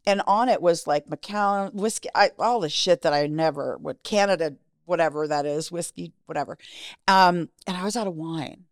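A woman's voice: on the low side, moderate pace, no echo, studio quality. A middle-aged woman, a podcast guest, candidly telling a personal story in a frank, profane way and acting out the lines of the people in it.

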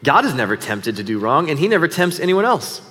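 A man's voice: fairly high pitch, very animated, a little fast, pushed and bright. A middle-aged man preaches in a slightly raised, easy voice, spinning a self-deprecating story for his congregation. His words ring out with a long reverb, as in a big hall. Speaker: pastor. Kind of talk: sermon.

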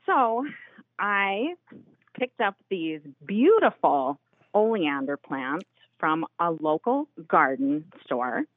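A woman from Minnesota with an Upper Midwest accent, calling a radio show and chatting excitedly. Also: fairly low pitch, slow pace, no echo, phone-quality sound. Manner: chatty, excited, laughs easily. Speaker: caller. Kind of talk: casual phone call to radio show. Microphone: telephone line.

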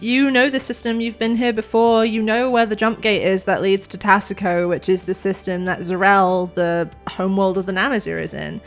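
A woman running a tabletop game as game master, narrating scenes in a lively, vivid way and laughing often. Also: mid-range voice, normal speed, hardly any pauses, faint music behind.

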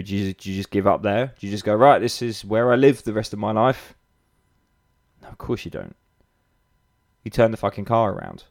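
A man with a British accent, a fitness coach giving a blunt, sweary, rambling motivational talk. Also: on the low side. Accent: British English. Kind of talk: motivational monologue.

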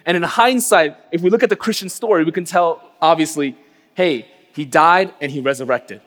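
A man preaching a sermon as pastor, earnest, sinking to a hushed low voice on grief and rising sharply for emphasis. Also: a little fast, long reverb tail.

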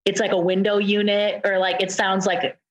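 Woman from Indiana, podcast co-host, casual chat, middle pitch, playful, enthusiastic. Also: level tone, moderate pace.

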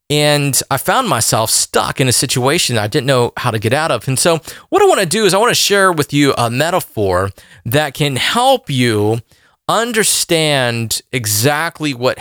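A podcast host telling a story in a casual, rambling monologue. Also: male voice, medium pitch, no room sound, clean studio sound. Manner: animated, rambling with fillers.

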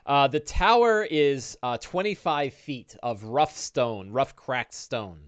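Here a middle-aged man narrates a solo tabletop game as dungeon master, relaxed and meandering, with plenty of fillers and do-overs. His medium-pitched voice is smooth and slow, recorded without echo.

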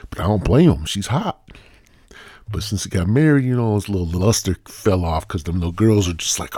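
A man hosts a podcast in a loose, profane, jokey ramble. His low, husky voice swings widely in pitch. The recording is dry and close. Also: lively intonation, unhurried, pauses often, darkish tone, dry recording. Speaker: podcast host. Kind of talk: casual rambling monologue.

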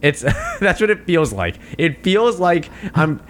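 Animated, exasperated man ranting. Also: fairly high pitch, takes it slowly. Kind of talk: casual chat.

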